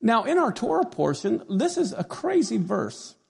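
A middle-aged man preaching a sermon as pastor, animated and conversational, often asking his congregation questions. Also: very high-pitched, normal speed, vocal fry, breathy edge.

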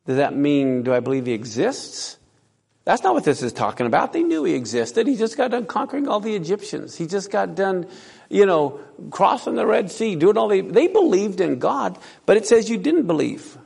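Gravelly high-voiced man preaching in a hall. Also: sing-song, moderate pace, a little mellow. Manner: asks the audience questions and reads scripture aloud. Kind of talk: sermon. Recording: long reverb in a hall.

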